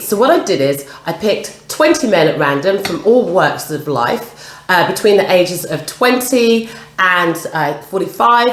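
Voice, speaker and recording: A woman hosting an eating vlog, chatting casually and leading the talk with questions. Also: on the low side. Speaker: vlog host. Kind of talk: casual chat while eating. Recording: roomy echo, faint noise.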